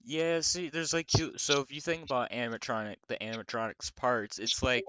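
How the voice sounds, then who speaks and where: A man's voice: mid-range voice, steady tone, a little fast, pushed and bright, clear, resonant tone, dry recording. A man hosting a stream, chatting casually and rambling with frequent restarts. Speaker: streamer host. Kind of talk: casual chat.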